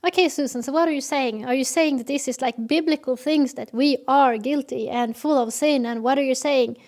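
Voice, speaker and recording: A woman voicing a skeptical viewer who fires pointed questions at her, in a raised, louder voice. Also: high voice, fairly quick. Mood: challenging. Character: skeptical adult viewer, challenging and puzzled.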